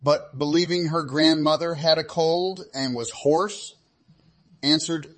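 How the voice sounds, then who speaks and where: A man narrating a fairy tale as a storyteller, with a measured storybook cadence. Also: a little high, a bit bright.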